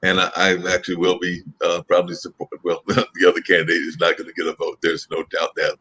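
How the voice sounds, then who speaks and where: A man with a very deep voice shares his views in a casual political discussion. He pauses often on fillers as he works through his thoughts. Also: monotone, pushed and bright, slight background noise.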